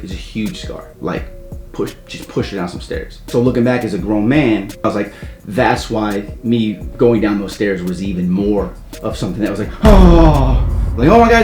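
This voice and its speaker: Fast-talking man telling his own story. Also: lowish voice. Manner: rambling, wry asides, loud acted quotes. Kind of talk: casual personal storytelling. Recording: echoey room, faint music.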